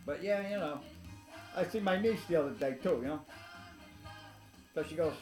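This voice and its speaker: A man's voice: high-pitched, expressive, normal speed, long pauses, darkish tone, soft background music. A man telling rambling, blunt stories to the camera, swearing constantly and laughing at his own tales. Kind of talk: rambling profane storytelling. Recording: echoey room.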